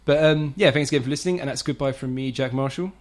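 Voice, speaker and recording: A man hosts a relaxed podcast chat among friends, talking at a brisk clip and ribbing the others. He runs the sign-off and plugs with easy, jokey energy. His pitch sits in an ordinary middle range. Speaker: podcast host. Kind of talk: casual group chat about video games.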